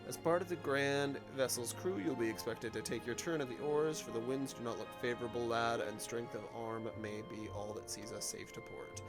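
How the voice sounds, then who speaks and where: A man's voice: mid-range voice, moderate pace, few pauses, close to an everyday voice. A man voicing a stern male naval recruiting officer, formal and over-pronounced, with game music behind.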